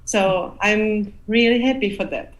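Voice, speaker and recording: A woman artist thanking for an award on a video call, gentle and hesitant as she searches for words. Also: mid-range voice, unhurried, rough recording. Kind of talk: casual thank-you remarks.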